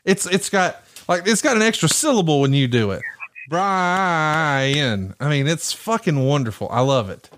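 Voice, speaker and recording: A man's voice: fairly high pitch, expressive, fairly quick, hardly any pauses, a little hiss or hum. A middle-aged man from Alabama with a Southern accent, co-hosting a casual wrestling podcast, enthusiastic and teasing, with some swearing. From Alabama, USA. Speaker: podcast co-host.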